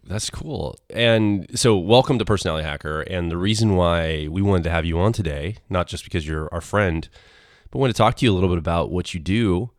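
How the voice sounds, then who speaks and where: A man's voice: low-pitched, no echo, studio quality. A man hosting a podcast, introducing a guest in a rambling, filler-heavy way. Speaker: podcast host. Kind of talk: casual interview chat. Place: home recording.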